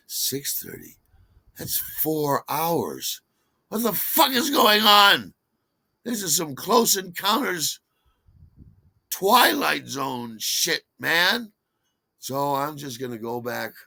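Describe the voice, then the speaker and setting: A man telling a personal story, animated and stammering, adding sound effects and acted dialogue. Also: mid-range voice, dry recording.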